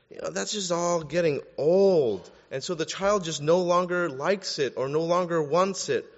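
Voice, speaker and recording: A man gives a sermon in a loose, conversational way, tossing in jokes as he goes. His voice sits a little high for a man. The sound is slightly muffled and trails off in the long reverb of a large hall. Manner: conversational, joking asides. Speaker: pastor.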